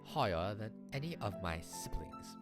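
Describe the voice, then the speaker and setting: Picture a haughty young male bird noble from a dating game, stiff and formal, sighing between proud pronouncements, as a woman streamer puts him on. His voice sits high in a breathy half-whisper that swoops a great deal, with slow, deliberate delivery. Music plays clearly under him. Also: very animated, heavily acted. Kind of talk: reading a game aloud on stream.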